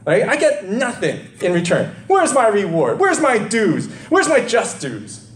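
A high, whining office worker grumbles indignantly, as a preacher acts him out. The lively voice rings in a roomy space. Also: male voice, a little slow, full character voice. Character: aggrieved office worker, man, complaining.

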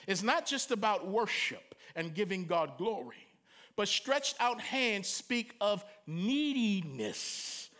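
A middle-aged man preaching with big, lively swings in his voice, shifting from near-whispers to shouted cries. His tone sits high and bright, and he talks in a loose, colloquial way. He acts out the people he quotes. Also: slow. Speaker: pastor. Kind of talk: sermon.

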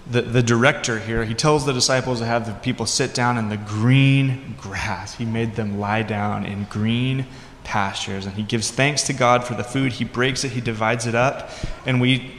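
Brief: male pastor, conversational sermon, mid pitch, church hall with long reverb. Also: fairly even intonation, normal speed, few pauses, fairly bright tone, slight background noise. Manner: conversational preaching, acts out quoted lines with voices. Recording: echoey hall.

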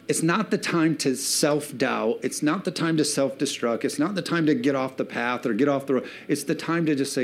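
A man's voice: fairly high pitch, moderate pace, hardly any pauses. A man preaching a sermon to a church congregation in a loose, conversational way, mixing jokes into his message. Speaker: pastor. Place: church sanctuary before a congregation.

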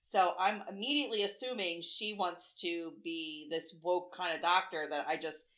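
Blunt, swearing bright-voiced woman in her forties. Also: fairly low pitch, fairly even intonation, normal speed. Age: 40s. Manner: blunt, profane storytelling with acted-out quotes. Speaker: podcast co-host. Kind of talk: casual chat.

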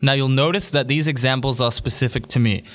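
A man's voice: mid-range voice, brisk, a bit bright. A young adult man from England, hosting a solo podcast in an upbeat, chatty way with jokey asides. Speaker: podcast host.

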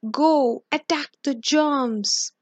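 A woman's voice: high voice, very slow, dry recording, pitched above the performer's own voice. Woman voicing a kindly soap king. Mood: commanding. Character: kind, commanding male soap king.

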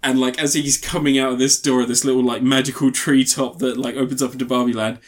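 A man's voice: medium pitch, little pitch movement, fast. Enthusiastic man rambling on a podcast. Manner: enthusiastic, rambling scene retellings with many fillers. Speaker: podcast co-host reviewing films. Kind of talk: casual chat.

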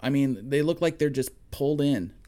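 A woman's voice: very deep voice, animated, mellow. Woman chatting about a movie with a friend, rambly, keeps restarting. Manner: chatty, trailing off and restarting, quick asides. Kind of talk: casual chat recapping a movie.

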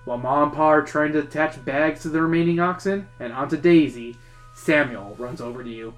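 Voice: medium pitch, a little fast, soft background music. A host reading a choose-your-own-adventure book aloud to friends, adding playful jokes and laughing along the way. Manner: playful, joking asides, laughs while reading. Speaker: reader and host.

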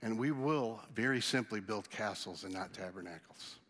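Animated man preaching. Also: on the low side, normal speed. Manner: animated, conversational preaching with acted asides. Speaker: pastor. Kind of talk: sermon.

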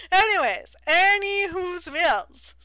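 A woman's voice: very high-pitched, pushed and bright, no echo, lo-fi sound. A woman co-hosting a podcast, recapping a book in a giggly, rambling, sarcastic casual chat.

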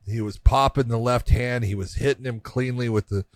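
A man's voice: mid-range voice, steady tone, normal speed, no room sound. Laid-back middle-aged man analyzing fights. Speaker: podcast co-host. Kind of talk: casual chat.

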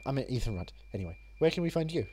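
A man's voice: mid-range voice, very animated, very fast, dark tone, a little hiss or hum. A man co-hosting a casual film podcast, joking and riffing. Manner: joking, riffing, slipping into silly put-on voices. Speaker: podcast co-host.

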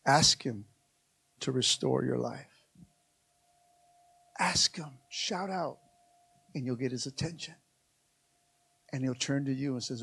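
A man's voice: mid-range voice, a little slow, vocal fry, pauses often, a bit bright, slightly rough. A man preaching a sermon as pastor, emphatic and repetitive, calling out to his congregation again and again.

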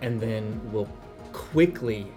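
A man narrating a tabletop game as game master, describing scenes in a halting, rambling way with many fillers. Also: on the low side, lively intonation, music in the background.

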